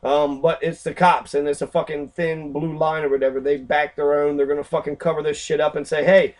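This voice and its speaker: Profane ranting man, slightly high voice. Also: little pitch movement, brisk, rough recording. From Kentucky. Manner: profane, ranting, many fillers. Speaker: civics vlogger. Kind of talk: angry casual commentary.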